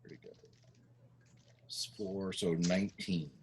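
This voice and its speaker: A man's voice: deep voice, fairly even intonation, unhurried, slightly rough. A man playing a tabletop role-playing game, describing his moves in a rambling, self-correcting way. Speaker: player.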